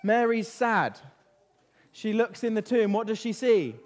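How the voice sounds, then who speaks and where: A man leading an interactive Bible lesson for children, lively and constantly asking them questions. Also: sits high, unhurried. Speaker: children's talk leader. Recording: reverberant hall.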